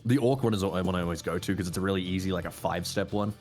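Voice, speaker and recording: A man's voice: sits low, racing, darkish tone, soft background music. A young man chatting casually as a guest with a sore throat, rambling, swearing freely and laughing often. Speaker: streamer and guest. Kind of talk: casual chat while drinking.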